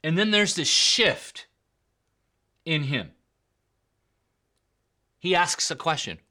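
A man's voice: fairly high pitch, expressive, takes it slowly, pauses often, pushed and bright. A man preaching a sermon in an emphatic way, repeating key points and calling his listeners guys and bro. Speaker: pastor.

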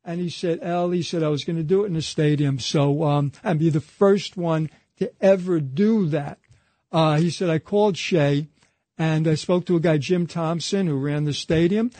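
A man's voice: a little high, normal speed, warm tone, no echo. A man being interviewed who tells a long anecdote, retelling it through a chain of quoted dialogue and frequent "he said.". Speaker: interview guest. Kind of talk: conversational storytelling anecdote.

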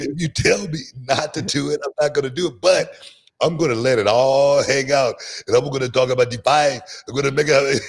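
A man's voice: mid-range voice, creaky, slightly rough. A middle-aged man hosting a podcast, telling stories in casual chat, often repeating words and laughing. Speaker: podcast host, former wrestler.

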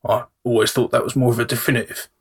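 A man playing a gruff, gravelly leader. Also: medium pitch, level tone, quick pace. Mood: brusque. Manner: blunt, swears mildly. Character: gruff, harried middle-aged male leader.

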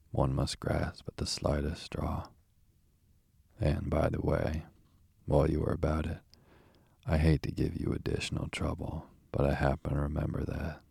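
A man's voice: very deep voice, gravelly, warm tone, slightly rough, no echo, studio quality, exaggerated voice. A man doing a feeble, languid toad on his sickbed. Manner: languid, murmuring, weak. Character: feeble self-pitying male toad, sickbed martyr.

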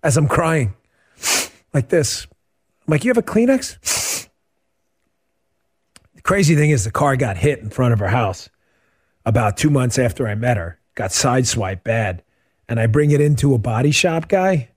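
A middle-aged man hosting a radio talk show, chatting casually and answering listener questions as an animated, joking storyteller. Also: mid-range voice, moderate pace, breathy edge. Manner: animated, joking storyteller who acts out quotes.

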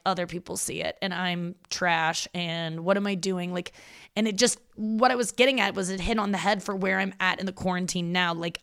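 A woman in her thirties talks through a casual, confessional podcast monologue. Her voice sits a little low and sounds smooth and clear. She rambles, runs herself down and swears freely. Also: a bit bright. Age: 30s. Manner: candid, rambling, self-deprecating, swears freely. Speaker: podcast host.

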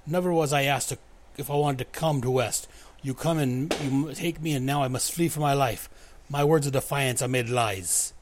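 A man's voice: medium pitch, moderate pace, background noise, lightly acted. A man putting on a defiant Russian woman agent. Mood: bitter, defiant. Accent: put-on Russian. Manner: stiff, broken formal phrasing.

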